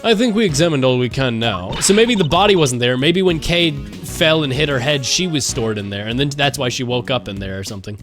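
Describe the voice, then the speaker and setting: A man voicing a calm, composed male prosecutor, speaking in a measured, deliberate way. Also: medium pitch, music in the background, voice pushed down, natural voice. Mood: thoughtful.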